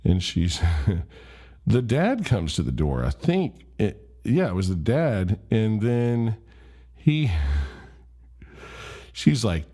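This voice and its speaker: Deep-voiced man telling a story. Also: big pitch swings, takes it slowly, dark tone. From Memphis, USA. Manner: rambling, self-deprecating. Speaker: vlogger. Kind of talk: casual storytelling.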